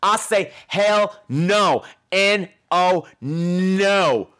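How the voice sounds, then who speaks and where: A man's voice: sits high, drawn-out words, a bit bright, clear, resonant tone. A man hosting a podcast, answering voicemails in a campy, sassy and theatrical way, swearing playfully. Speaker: podcast host.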